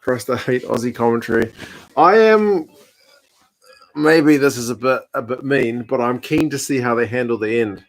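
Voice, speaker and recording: Brief: New man in his thirties, laid-back live-stream host, mid-pitched voice, chatty, replies to viewer comments. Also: brisk, hardly any pauses. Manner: relaxed, chatty, reads and answers viewer comments. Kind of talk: casual live-stream chat over a rugby match.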